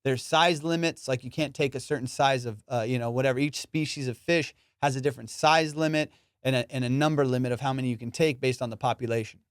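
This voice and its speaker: A man's voice: medium pitch, quick pace, smooth, no echo, clean studio sound. A man hosting a comedy podcast, telling a story with lots of swearing and fillers. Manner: animated and profane, with lots of fillers.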